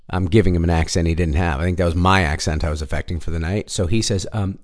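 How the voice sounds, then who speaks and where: A man's voice: deep voice, quick pace, few pauses. A man casually telling a long story on his own show, rambling, restarting sentences and swearing now and then.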